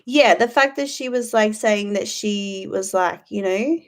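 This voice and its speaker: A woman's voice: medium pitch, unhurried. A woman hosting a casual livestream, rambling, swearing freely and answering chat. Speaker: YouTube livestream host.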